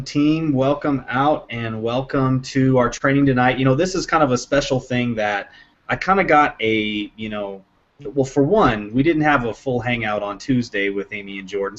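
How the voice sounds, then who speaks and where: A man hosting a live online training, talking casually and often restarting his sentences. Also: mid-range voice. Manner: rambling, self-correcting. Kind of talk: casual live webinar chat. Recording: lo-fi online call audio.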